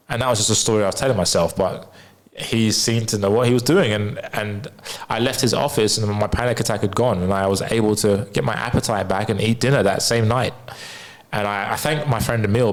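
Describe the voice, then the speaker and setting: A man speaking casually to camera as a health coach, recounting his own experience in a loose, unpolished way. His voice sits a bit low, and his talk runs on with plenty of fillers and blunt swearing. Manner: candid, rambling, with frequent swearing and fillers. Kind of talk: casual personal storytelling to camera.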